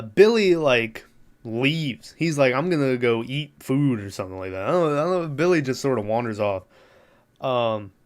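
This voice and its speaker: Casual podcast host, male, smooth clear voice, rambles and swears, laughs a lot. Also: mid-range voice. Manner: laughing, profane, rambling with many fillers. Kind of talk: casual movie recap.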